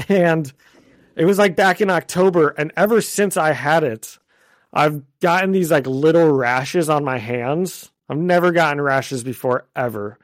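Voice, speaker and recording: A man's voice: a little high, measured pace, dry recording, clean studio sound. A man co-hosting a podcast, chatting casually with a slight cough as he gets over a cold, laughing often. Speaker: podcast co-host. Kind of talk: casual chat.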